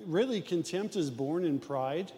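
A man's voice: fairly high pitch, expressive, measured pace, dark tone. Earnest scripture-quoting man, reverberant room. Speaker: co-host, preacher. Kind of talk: faith-based relationship talk.

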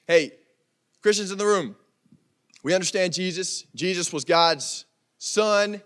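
A man's voice: sits high, a little slow, long pauses, fairly bright tone, clean tone. A young man preaching a casual youth sermon, joking and talking straight to the crowd in a church room. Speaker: youth pastor.

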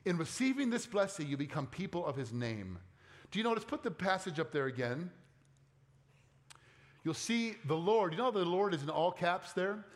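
A man preaching a sermon as a pastor, earnest, dropping soft and low when reading scripture, with casual conversational asides. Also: very animated, normal speed. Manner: conversational asides with playful quoted voices.

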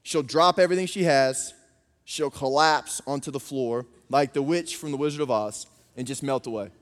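A man, preaching a sermon and telling family stories with animated impressions. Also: medium pitch, moderate pace. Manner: animated storytelling, acting out his daughters' voices. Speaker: pastor. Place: church auditorium. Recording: long reverb of a church hall.

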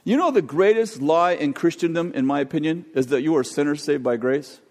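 An older man preaching a sermon, telling a jokey family story in an animated way. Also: a little high, fairly quick. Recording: long hall reverb.

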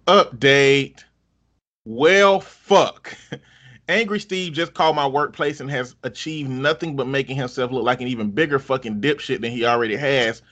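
Male host, bright forceful voice, wry and profane story reader. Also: medium pitch, measured pace, long pauses. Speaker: podcast host reading online stories. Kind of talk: casual story reading.

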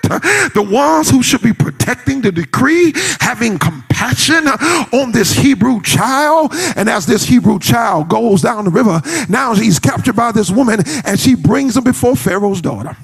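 Male preacher, high and lively voice, husky tone, whooping sermon delivery. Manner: whooping, sing-song preaching with shouted climaxes.

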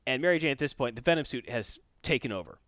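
Animated man recapping a story. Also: mid-range voice, quick pace, no room sound, lo-fi sound. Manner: animated storytelling, acting out characters. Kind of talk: casual comic book chat.

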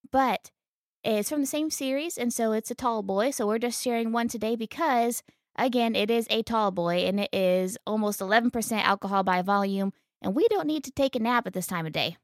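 A woman's voice: medium pitch, normal speed, dry recording, studio quality. A woman co-hosting a casual podcast, talking in an enthusiastic, teasing way. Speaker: podcast co-host.

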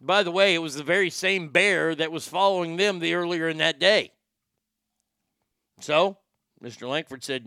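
A man's voice: a little high, normal speed, long pauses, bright, forceful tone, smooth, no echo, clean studio sound. A man hosting a show, telling crude news stories in a sarcastic, joking way. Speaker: host. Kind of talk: casual comedic news commentary.

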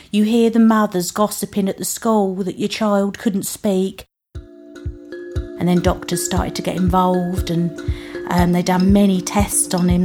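British woman, mid-pitched, earnest first-person storyteller over music. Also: warm tone. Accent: British English. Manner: earnest, plain-spoken, emotional. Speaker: mother telling her story. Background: music underneath.

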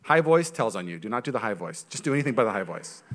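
A male pastor preaching a sermon in a church, animated and joking, with quick asides. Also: on the low side.

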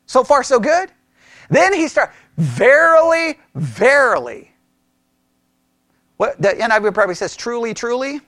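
A man leading a casual Bible study, thinking aloud with restarts and animated questions to the group. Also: very high voice, brisk, dry recording, clean studio sound.

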